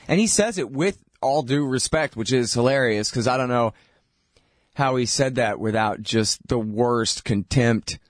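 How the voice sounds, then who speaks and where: A man hosts a political talk show, riding a sarcastic, mocking monologue full of heat. His voice sits at an everyday middle pitch. The sound is close and dry, with no room around it. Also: a little slow, no room sound.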